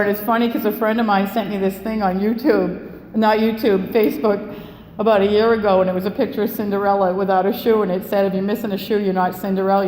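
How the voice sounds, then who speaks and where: A woman's voice: mid-range voice, a little mellow. A woman around sixty tells her recovery story to a live audience, blunt and profane, laughing between lines. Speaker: recovery meeting speaker. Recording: echoey hall with long reverb, faint room hum.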